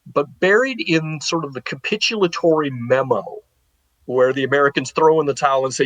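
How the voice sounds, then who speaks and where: A man speaking as a guest historian, recounting history in a loose, conversational way. He tells it with animation and slips in paraphrased remarks from the people involved. His voice is mid-pitched and the sound is dry and close, with no room echo. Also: expressive, moderate pace. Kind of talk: casual spoken history storytelling.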